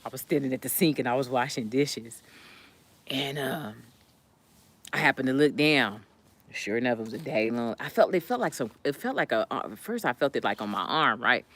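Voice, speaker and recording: A woman telling stories casually to her live chat, animated and laughing often. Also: fairly quick. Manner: animated, laughs often, jumps high when retelling. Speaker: live streamer chatting with viewers.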